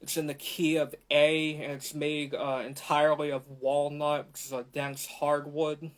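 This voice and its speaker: A man who plays the flute, explaining his instruments to a live audience at a community library in an unhurried way with frequent fillers. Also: fairly high pitch, flat delivery. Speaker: flute player. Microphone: camera mic in the room.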